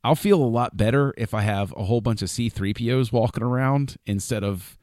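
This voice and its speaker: A man's voice: mid-range voice, fairly quick, dark tone, no echo, clean studio sound. A man on a podcast chatting casually, enthusiastic and chuckling often, trailing off and restarting his thoughts. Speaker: podcast co-host.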